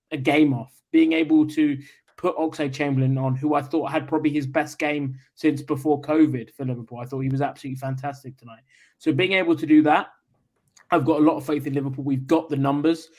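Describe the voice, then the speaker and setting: A man's voice: on the high side, fairly even intonation, a little fast, a little mellow. A man football fan giving upbeat, confident post-match reaction with a rambling flow.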